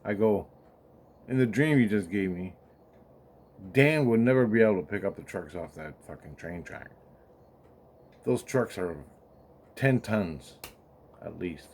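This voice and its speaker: A man's voice: fairly low pitch, a little mellow, a little hiss or hum. A man rambling and swearing as he recounts a spiritual experience, acting out the dialogue in his story. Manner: rambling, profane, acts out quoted dialogue, laughs often. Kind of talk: rambling casual monologue.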